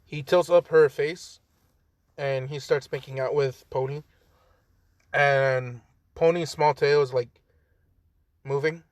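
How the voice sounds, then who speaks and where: A man's voice: mid-range voice, steady tone, takes it slowly, pauses often, no room sound. A young man casually improvising a story, rambling with lots of fillers and joking asides.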